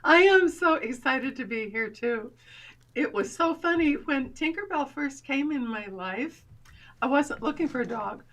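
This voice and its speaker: Brief: middle-aged woman coach, high bright voice, animated anecdotes with acted-out voices. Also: unhurried. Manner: animated, acts out quoted voices. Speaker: guest confidence coach. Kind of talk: storytelling in a casual interview.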